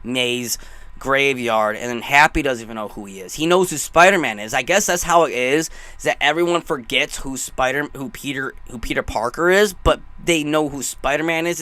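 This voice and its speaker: Young male reviewer, fairly high, bright voice, dry close sound, rambling and emotional. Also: dry recording. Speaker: movie reviewer. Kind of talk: excited casual movie review.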